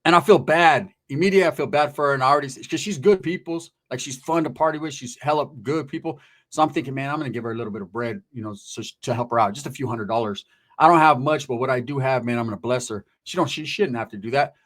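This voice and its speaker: Fast-talking man telling a wild story. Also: medium pitch. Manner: slangy, profane, rambling with asides. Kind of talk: casual comedic anecdote.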